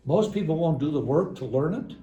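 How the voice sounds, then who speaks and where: Recorded lo-fi in an echoey church hall with faint room noise, an older psychologist delivers a chatty parenting seminar laced with dry irony. His voice is fairly high and warm, with lively intonation and a fairly quick pace.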